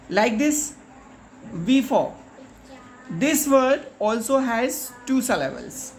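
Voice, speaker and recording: A woman teacher talks young children through a grammar lesson, repeating each point with patience. Her voice sits a little high, and she takes it very slowly. A faint noise hums under the recording. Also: big pitch swings. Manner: slow, patient explaining with frequent repetition.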